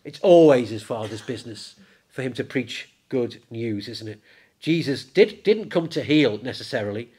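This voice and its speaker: A man preaching a sermon in church, lively and conversational, raising his voice when he acts out the disciples. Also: mid-range voice, normal speed, husky. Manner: animated, acts out the disciples in a raised voice.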